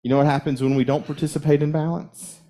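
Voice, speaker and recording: A man's voice: on the high side, flat delivery, fast talker, warm tone. A man preaching a sermon as a minister in a conversational, storytelling way, chuckling as he goes. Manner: conversational, chuckles while telling stories. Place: church sanctuary.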